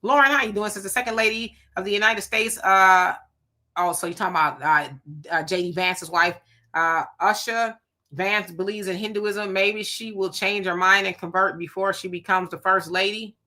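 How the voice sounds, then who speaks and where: A woman from Southern California hosting a casual live stream, reading viewer comments aloud with sassy, animated reactions. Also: medium pitch, normal speed.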